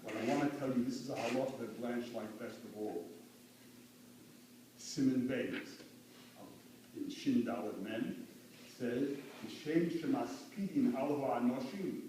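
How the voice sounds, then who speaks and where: In a funeral hall, a man gives an earnest eulogy, mixing in Yiddish and Hebrew phrases and rising to fervent emphasis. His mid-range voice is a little mellow and measured in pace. The sound is echoey and distant, with a faint hum.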